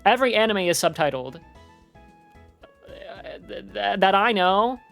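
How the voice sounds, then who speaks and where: A woman's voice: medium pitch, lively intonation, unhurried, gravelly, fairly bright tone, faint music behind. A young adult woman streaming live, chatting casually in a slangy, rambling way, full of "like" and "dude".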